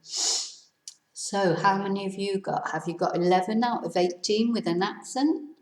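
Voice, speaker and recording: A woman teaching a casual video lesson, a little hoarse with laryngitis, spelling words out letter by letter and adding chatty asides. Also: medium pitch, measured pace, echoey room, rough recording. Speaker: Spanish teacher.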